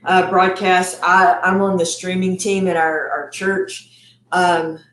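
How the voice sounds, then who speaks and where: A woman's voice: lowish voice, little pitch movement, takes it slowly, fairly bright tone. A middle-aged woman, hosting her cooking channel livestream in a rambling, chatty way, sometimes talking while eating. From Texas. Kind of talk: casual livestream chat. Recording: echoey room.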